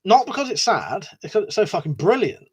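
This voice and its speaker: A man's voice: high-pitched, very animated, brisk, husky. Swearing, rambling man on a live stream. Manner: swears a lot, rambling, laughs often. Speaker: livestream host. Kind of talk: casual live stream chat reading comments.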